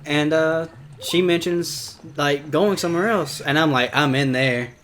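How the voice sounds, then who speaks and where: A man's voice: on the high side, measured pace, fairly bright tone. A man co-hosting a gameplay chat, telling a story hesitantly with many ums and restarts.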